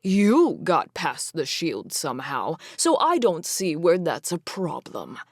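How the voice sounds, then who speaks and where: A woman's voice: lowish voice, expressive, slow pace, no room sound, clean studio sound, exaggerated voice. A woman voicing a whiny, arrogant male elf emperor who sneers and talks down to others, in an audiobook fantasy reading. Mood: sneering. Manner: sneering, petulant.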